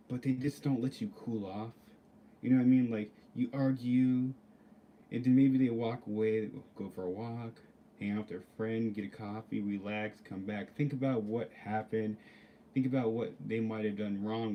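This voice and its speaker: A man's voice: lowish voice, lo-fi sound, slight background noise. A man ranting casually to camera, rambling and swearing, with lots of filler words. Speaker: vlogger. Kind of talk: casual storytelling rant.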